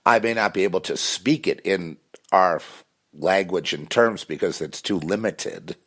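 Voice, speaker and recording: Man, very low voice, rambling monologue, insistent, many restarts. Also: unhurried, a bit bright. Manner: intense, insistent.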